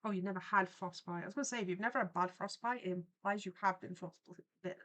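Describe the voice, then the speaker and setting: Talking fast in a mid-range, fairly bright voice, a young woman hosts a livestream as an artist. She chats casually as she draws, her stories rambling and full of asides.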